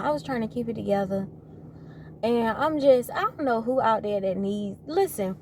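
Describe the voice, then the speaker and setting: A young woman in her twenties vents to viewers on her channel in a casual vlog monologue, her medium-pitched voice a little mellow. She sounds exasperated, repeating herself and firing off rhetorical questions straight at the audience. There's slight background noise.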